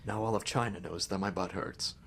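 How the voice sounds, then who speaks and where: A man's voice: low-pitched, fairly even intonation, a little fast, a bit bright. A man co-hosting a podcast in casual, playful, joking chat. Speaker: podcast co-host.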